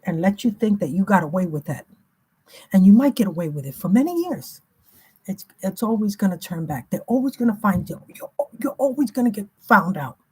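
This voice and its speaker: Husky woman doing a spiritual reading, emphatic and slangy, mid-pitched. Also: expressive, a little fast, darkish tone. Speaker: spiritual reader.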